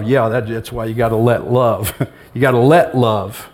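A man's voice: mid-range voice, fairly even intonation, unhurried, darkish tone. Man preaching a conversational sermon. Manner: conversational preaching with humor and quoted dialogue. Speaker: pastor. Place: church sanctuary with congregation.

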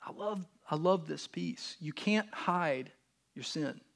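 A man preaching a sermon in a relaxed, conversational way. His voice sits somewhat high. He moves from loud, emphatic bursts to quiet, near-whispered asides and slips into casual voices for the people in his stories. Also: slow, vocal fry. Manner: acts out God and others in casual voices. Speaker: pastor.

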